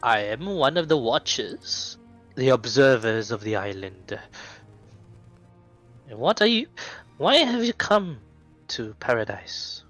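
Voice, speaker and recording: An ancient owl, a watcher of a mysterious island, speaks slowly and gravely, as a man puts it on. Its voice sits mid-range, with faint music playing behind it. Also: medium pitch, very animated, fairly bright tone.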